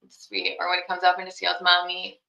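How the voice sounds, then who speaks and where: Heard in a roomy, dull lo-fi recording, a young mother guesting on a podcast rambles through interview answers, leaning heavily on "you know" and "like." She talks fast in a fairly low, creaky voice that's pushed and bright, with a completely flat delivery.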